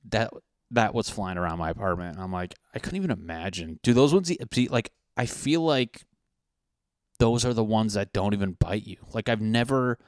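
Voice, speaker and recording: A man's voice: lowish voice, expressive, normal speed, dry recording, studio quality. Rambling, profane podcast man. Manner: profane, tangent-prone, jokey. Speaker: podcast host. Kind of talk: rambling casual monologue. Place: apartment in Los Angeles.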